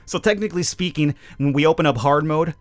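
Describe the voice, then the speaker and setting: A man's voice: on the high side, fast, faint music behind. A man giving rambling, self-amused commentary over his mobile survival gameplay. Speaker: gaming YouTuber.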